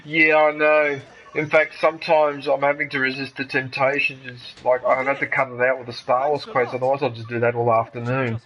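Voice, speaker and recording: An Australian man hosting casual gameplay commentary, chatty and excitable, laughing at his own jokes. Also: medium pitch, a little fast, hardly any pauses, rough recording. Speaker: gaming channel host.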